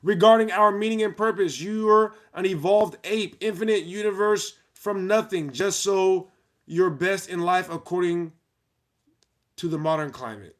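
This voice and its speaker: High-voiced man reading chat live. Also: fairly bright tone. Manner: playful, breaks into laughter, quick asides to chat. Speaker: livestream host.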